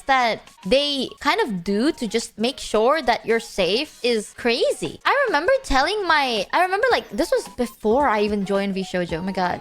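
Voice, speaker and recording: A woman streamer telling stories in casual, slang-filled stream chat, animated and quick to jump between voices. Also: a little high, soft background music.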